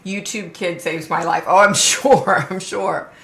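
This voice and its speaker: A woman's voice: fairly low pitch, fairly even intonation, measured pace, creaky, a bit bright, reverberant. A middle-aged woman hosting a livestream, chatting casually and cursing now and then. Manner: chatty, swears freely, drawls "y'all". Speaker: host of a livestream.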